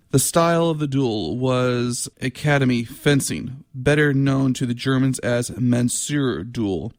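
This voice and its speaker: A man, the author, reading aloud from his own novel in a measured way, now and then stumbling and restarting a word. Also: medium pitch, dry recording, studio quality.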